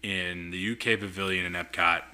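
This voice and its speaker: A man chatting casually on a podcast, telling a lively story and acting out what people said. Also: deep voice, normal speed, over music. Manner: animated storyteller acting out quotes. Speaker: podcast guest. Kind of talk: casual chat.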